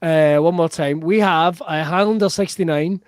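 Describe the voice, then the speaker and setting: A man hosting a live online comedy show over a video call, giggly and excitable, swearing playfully. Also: on the high side, normal speed, clean tone, dry recording, studio quality. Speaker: host.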